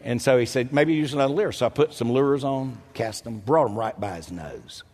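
Husky animated pastor in an echoey hall. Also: male voice, moderate pace. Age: older. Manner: animated, self-mocking, jumps into loud high quoted voices. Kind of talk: storytelling sermon.

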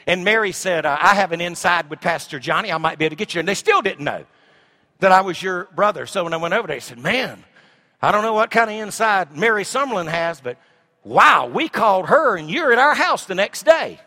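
High, bright-voiced preacher man. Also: expressive, a little fast. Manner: swings from shouting to hushed asides. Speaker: pastor. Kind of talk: sermon.

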